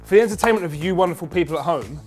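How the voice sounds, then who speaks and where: Playful quiz host, high-pitched, teasing. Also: male voice, animated, rapid-fire, darkish tone, soft background music. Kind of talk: casual comedy quiz hosting.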